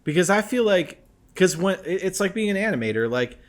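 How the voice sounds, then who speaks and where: A man's voice: high-pitched, big pitch swings, fairly quick. A man co-hosting a casual bar chat, talking loosely with many restarts and fillers. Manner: chatty, lots of likes and restarts. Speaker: co-host.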